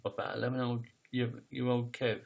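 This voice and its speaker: Man, 50s, personal confession, raw and emotional, halting restarts, swears bluntly, mid-pitched voice. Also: steady tone, creaky. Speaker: poet telling his life story.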